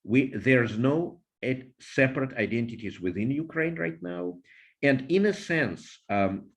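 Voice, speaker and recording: An older man, speaking as an interview guest in a thoughtful, lecturing way, with frequent pauses and filler sounds. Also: fairly low pitch, a bit bright. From Soviet Union. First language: Russian. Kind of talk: conversational academic interview.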